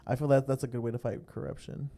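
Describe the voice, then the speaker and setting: A man's voice: medium pitch, little pitch movement, fast, vocal fry, mellow. A young man from California co-hosting a podcast, talking in a laid-back, rambling way with lots of fillers and swearing. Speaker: podcast co-host. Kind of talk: casual chat.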